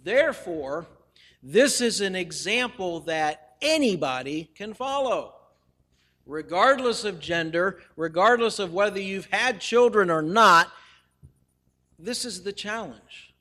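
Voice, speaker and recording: Male pastor preaching, high bright voice, measured delivery with light humor. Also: animated, big-room sound. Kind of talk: sermon.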